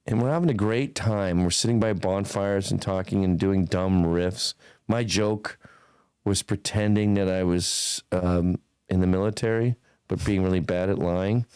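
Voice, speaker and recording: A man's voice: low voice, fairly even intonation, unhurried, a little mellow, smooth, dry recording. Blunt, profane man in his fifties. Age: 50s. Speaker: podcast guest. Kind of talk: casual podcast chat.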